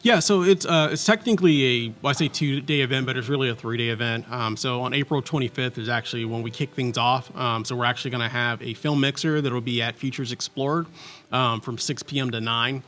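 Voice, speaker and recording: A man's voice: mid-range voice, brisk, fairly bright tone. A man answering as a guest in a casual interview, laying out event details with frequent ums and uhs. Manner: informative, with many ums and uhs. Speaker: guest, festival organizer.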